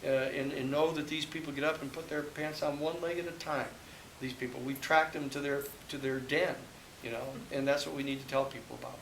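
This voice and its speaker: Gravelly, bright-voiced man in an echoey hall. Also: mid-range voice, fairly even intonation, a little fast. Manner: rambling storyteller, many restarts and "you know". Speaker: public interest lawyer. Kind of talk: book talk with audience Q&A. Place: hall with live audience. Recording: echoey hall, faint hiss.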